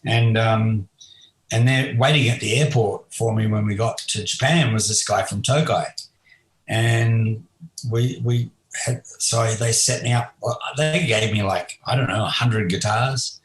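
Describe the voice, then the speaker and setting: A man's voice: fairly low pitch, a little slow. A male guest musician telling stories casually in an interview, rambling with frequent restarts. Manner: rambling, many restarts and "you know". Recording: roomy echo.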